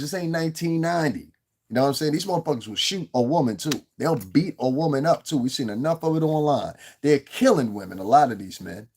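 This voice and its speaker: Cursing, rambling New man. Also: medium pitch. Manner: profane, rambling, animated. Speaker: livestream host. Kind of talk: livestream commentary.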